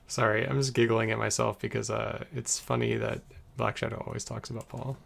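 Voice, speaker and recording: A man's voice: mid-range voice, gravelly, slight background noise. A man casually chatting on a live stream while editing a podcast, giggling and muttering to himself as he works.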